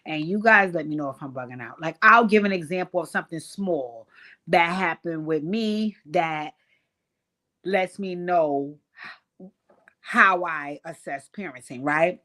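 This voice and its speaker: A woman in her thirties hosting a live chat stream, spinning long profane stories for her viewers. Her voice sits a little low, with animated asides. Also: unhurried. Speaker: host. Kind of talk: casual live-stream commentary.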